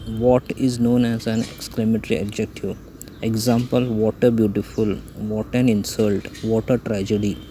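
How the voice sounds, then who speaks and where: A man teaching English grammar, reading out definitions and example lists one by one in a slow, even recitation. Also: on the low side, a little hiss or hum, poor audio. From India.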